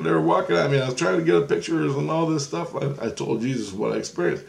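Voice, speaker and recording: A man's voice: medium pitch, sing-song, a little fast, vocal fry. A middle-aged man vlogging, telling a long story in a loose, rambling way, swearing freely and laughing often.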